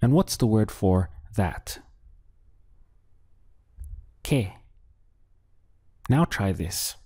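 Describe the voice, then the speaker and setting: A man teaching a Spanish lesson, slowly and patiently, with pauses for the listener to think. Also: lowish voice, expressive, warm tone, breathy edge, dry recording, studio quality. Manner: slow, patient, with drill pauses. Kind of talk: audio language lesson.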